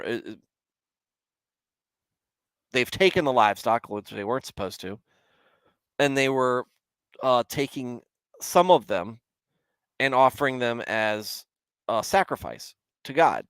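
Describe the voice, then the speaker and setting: A man's voice: medium pitch, fairly bright tone, smooth, no room sound. A man hosting a casual livestream Bible commentary, rambling with many restarts and stopping to chat with viewers. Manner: chats with live viewers. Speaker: host.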